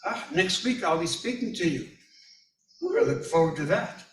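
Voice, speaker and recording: A man leading a church service, speaking gently and encouragingly, then reciting a prayer. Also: high-pitched, lively intonation, normal speed. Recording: roomy hall, mic at a distance.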